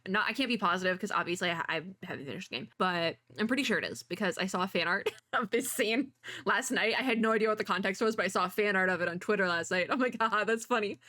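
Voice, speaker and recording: A young woman giving casual reaction commentary as a VTuber, gushing and excitable, talking to herself as she watches. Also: mid-range voice, dry recording. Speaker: VTuber reacting to an animated short.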